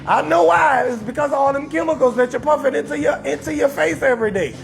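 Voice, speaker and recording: Man, New Orleans accent, very high voice, rowdy profane comedy host, live-stream roasting. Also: fast, vocal fry, faint music behind. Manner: loud, rowdy, profane, riffs on viewer comments. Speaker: comedy talk show host.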